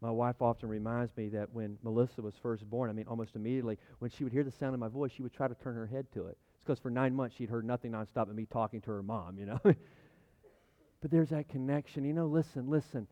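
A man in his thirties preaching a sermon in a conversational, animated way, often repeating his words. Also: medium pitch, quick pace, hardly any pauses. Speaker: pastor. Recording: muffled lo-fi sound.

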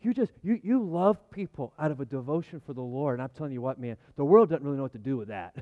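A man in his thirties preaching a sermon in a conversational, animated way, often repeating his words. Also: medium pitch, fast. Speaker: pastor. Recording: muffled lo-fi sound.

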